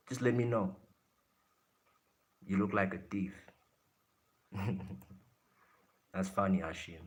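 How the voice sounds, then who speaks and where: A man's voice: deep voice, slow, pauses often. A man from South Africa hosting a live stream, casually answering his chat in a blunt way and laughing often.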